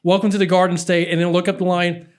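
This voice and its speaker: A man's voice: high voice, flat delivery. A man from Philadelphia, a political activist guest, telling a story in casual podcast chat with lots of restarts. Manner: earnest, halting storyteller with many restarts.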